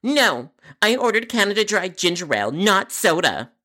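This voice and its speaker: A woman's voice: mid-range voice, very animated, moderate pace, bright, forceful tone. A woman playing an angry, entitled customer on the phone, complaining in a whiny, indignant way.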